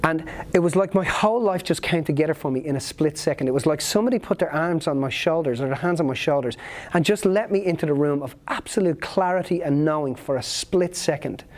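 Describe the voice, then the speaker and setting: A man's voice: on the high side, a little fast. A man speaking at a seminar, telling a personal story in an earnest, emotional, vivid way.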